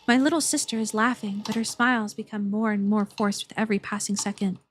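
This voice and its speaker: A woman's voice: medium pitch, steady tone, brisk, slight background noise. A woman streamer reading a game's story aloud, playful and giggly, swearing when startled.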